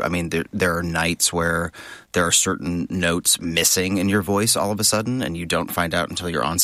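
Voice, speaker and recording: A man with a low voice and a bright, forceful edge talks as an interview guest. He tells backstage stories in an animated, halting way, often restarting and laughing. The sound is dry and close, as in a studio. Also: no echo. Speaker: guest, Broadway actor. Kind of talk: conversational interview storytelling.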